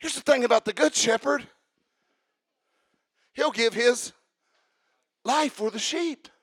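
A middle-aged man preaching a sermon. He swings from shouted, sing-song preaching to hushed, chatty storytelling. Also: very high voice, slow, husky, dry recording. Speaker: pastor.

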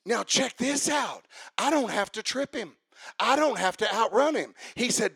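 Gravelly, high-voiced preacher. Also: male voice, lively intonation, moderate pace, no room sound. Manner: swings from shouted, sing-song preaching to hushed, chatty storytelling. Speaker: pastor. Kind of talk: sermon.

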